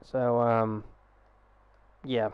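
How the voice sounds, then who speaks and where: A man's voice: medium pitch, level tone, drawn-out words, clean tone, dry recording, lo-fi sound. A young man chatting casually on a live gaming stream through a headset, rambling, swearing freely and restarting his sentences.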